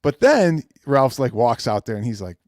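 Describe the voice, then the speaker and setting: A man's voice: mid-range voice, moderate pace, no room sound, clean studio sound. A man hosting a casual talk show, telling stories animatedly and acting out quotes. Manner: animated storyteller, acts out quotes. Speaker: podcast host. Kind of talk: casual chat.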